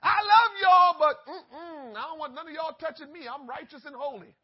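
Folksy doting god voice, man preacher doing it, high pitched, muffled recording. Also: moderate pace. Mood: mocking. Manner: homey, teasing, exaggerated. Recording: dull lo-fi recording.

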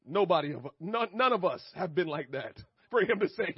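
Male pastor, higher-pitched voice, emphatic sermon delivery, dry and slightly dull sound. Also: animated, normal speed, husky, dry recording. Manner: emphatic preaching with chuckles and repetition. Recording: dry, slightly muffled recording.

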